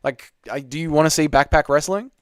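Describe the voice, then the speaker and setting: A man's voice: on the high side, brisk, smooth, no echo, studio quality. A young man hosting a casual live Q&A, reading chat messages aloud and bantering with viewers.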